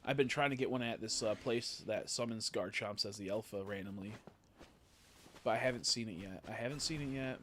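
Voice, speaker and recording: A man streaming a video game, chatting casually and rambling, swearing often and reacting excitedly to what happens on screen. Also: on the low side, a little fast, a little hiss or hum. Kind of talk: casual live-stream commentary while playing.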